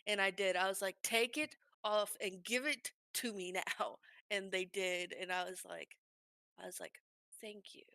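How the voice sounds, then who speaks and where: A woman streamer telling work stories in casual chat, animated and swearing freely. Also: mid-range voice, measured pace, creaky, no room sound, clean studio sound.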